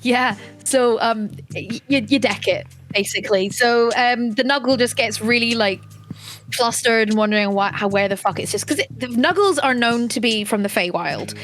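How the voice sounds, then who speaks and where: A woman's voice: on the high side, normal speed, fairly bright tone, faint music behind. Chatty woman game master. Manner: casual, chatty, lots of fillers and swearing. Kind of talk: narrating a tabletop game.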